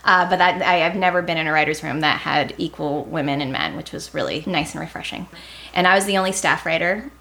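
A young woman who writes for TV tells stories in a casual interview, animatedly acting out the people in them by quoting them in a raised voice. Her voice sits low and brisk, with vocal fry.

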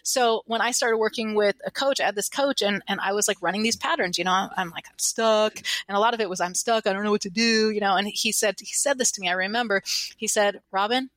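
A middle-aged woman telling stories in a casual interview, animated and acting out quotes in a raised voice. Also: medium pitch, fast talker, no room sound. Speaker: financial advisor and interview guest.

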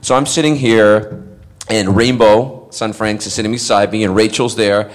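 Man from Scotland, middle-aged, lowish voice, chatty convention-panel storyteller, animated, laughs a lot. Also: moderate pace. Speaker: actor telling convention stories. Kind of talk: casual convention panel anecdote.

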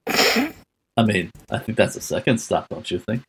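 A player in an improvised tabletop role-play game with a husky voice and a very lively melody. They make dry jokes in quick banter, at a middle pitch.

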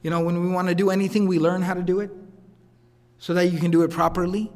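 A man gives a brisk, high-pitched religious lecture, his voice trailing into a long hall reverb. He talks casually, rattles off Arabic quotations and keeps asking his audience "right?". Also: level tone, a little mellow. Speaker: teacher.

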